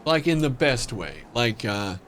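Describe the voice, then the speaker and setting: A man's voice: medium pitch, very animated, unhurried, a bit bright, slight background noise. A man hosting a livestream, telling a story in a loose, casual way. He swears freely and fills his talk with fillers and restarts. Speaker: livestream gamer host.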